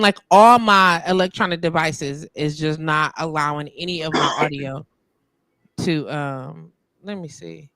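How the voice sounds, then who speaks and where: A woman's voice: deep voice, measured pace, a bit bright, dry recording. A woman hosting a live stream in casual chat, muttering and venting as she fixes her tech. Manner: frustrated, muttering while fixing tech. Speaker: host.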